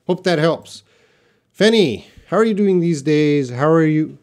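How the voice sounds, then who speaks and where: Patient teacher. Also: male voice, on the high side, expressive, darkish tone. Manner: patient, explanatory, repeats words slowly for learners. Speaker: English teacher. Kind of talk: live Q&A class, reading viewer questions.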